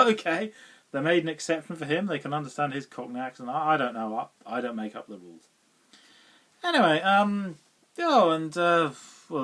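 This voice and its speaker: A man's voice: medium pitch, fairly bright tone. A middle-aged man giving a casual spoken film review, rambling and chatty with frequent asides and small laughs.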